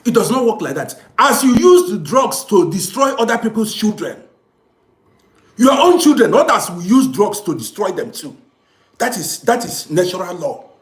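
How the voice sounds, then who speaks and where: A man's voice: high voice, big pitch swings, normal speed, reverberant. A man giving a preachy, scolding moral monologue to camera as a social commentator.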